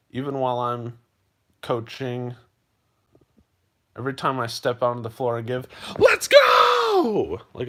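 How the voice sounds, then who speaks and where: A man livestreaming to his viewers, talking earnestly and emotionally, repeating himself and often calling them "you guys". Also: fairly low pitch. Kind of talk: heartfelt livestream monologue.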